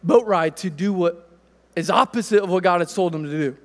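A man in his thirties preaching a sermon, telling a family story in a relaxed, conversational way. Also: high-pitched, fairly quick, big-room sound. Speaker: pastor.

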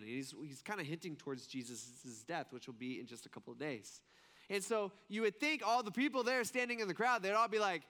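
A man's voice: a little high, expressive, fairly quick, pushed and bright. A man preaching a sermon in a loose, conversational way, asking his listeners questions and restarting his sentences. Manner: conversational, questioning the audience, frequent fillers and restarts. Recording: long hall reverb.

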